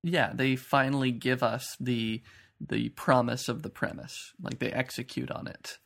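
A man co-hosting a podcast, reviewing a TV show in casual chat with measured, skeptical remarks. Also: mid-range voice, level tone, gravelly, fairly bright tone. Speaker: podcast co-host.

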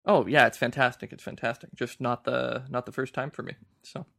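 Man, gravelly creaky voice, podcast co-host, thoughtful film chat, stammers on openings. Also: mid-range voice, steady tone, brisk, bright, forceful tone.

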